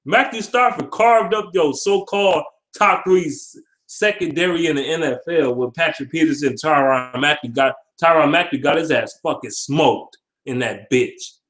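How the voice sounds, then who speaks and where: A man's voice: on the high side, moderate pace. A man giving a football predictions vlog, reading comments and trash-talking with lots of profanity. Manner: profane, animated, laughing trash talk. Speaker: sports vlogger. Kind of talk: casual trash-talk commentary.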